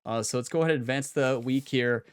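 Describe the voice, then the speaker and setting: A man's voice: medium pitch, quick pace, smooth, no echo, clean studio sound. A man giving casual gameplay commentary at a home gaming setup, trash-talking with playful energy. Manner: fired-up, playful trash talk with laughs. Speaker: gaming YouTuber.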